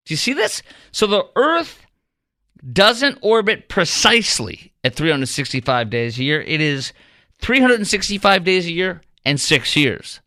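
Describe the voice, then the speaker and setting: A man hosting a talk radio show, chatting in a rambling, animated way and quizzing his producer. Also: high-pitched, a little slow, no room sound, studio quality. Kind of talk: casual talk radio monologue. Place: radio studio.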